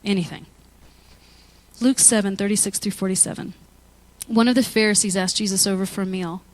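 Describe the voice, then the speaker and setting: A woman's voice: mid-range voice, a little fast. A woman pastor giving a conversational sermon full of personal stories, laughing often as she talks. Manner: chatty, anecdotal, laughs often; animated storytelling with quoted asides.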